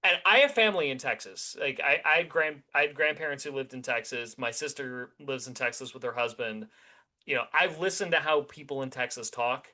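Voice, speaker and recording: A man's voice: medium pitch, brisk, sharp tone. A man co-hosting a podcast, chatting casually and rambling animatedly through his opinions with many restarts. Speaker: podcast co-host.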